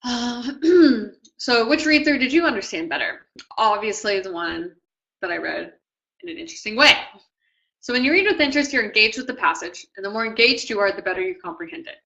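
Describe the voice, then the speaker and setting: A woman tutor giving a relaxed classroom lecture for test prep, often checking in with "okay?" and "right?". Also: fairly high pitch, brisk, highs cut off.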